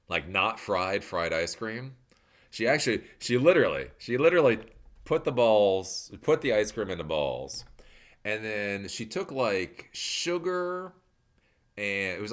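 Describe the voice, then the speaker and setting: Man, streamer, casual rant, very lively pitch, laughs a lot, mocking voices. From New Zealand. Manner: animated, laughing, swings into loud mocking voices. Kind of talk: casual rant, answering chat questions.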